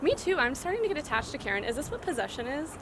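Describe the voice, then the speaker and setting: Woman vlogging outside, kinda high voice, rambly jokey banter, loud traffic noise behind. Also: very animated, fast. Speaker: vlog host. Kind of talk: casual travel vlog chat. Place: outdoors, walking city streets and a cemetery.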